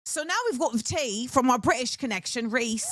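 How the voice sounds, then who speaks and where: A talk show host with a slightly high, fairly quick voice chats animatedly about music on a casual livestream, reacting to viewer comments and breaking into bits of song. The recording is studio quality with no echo.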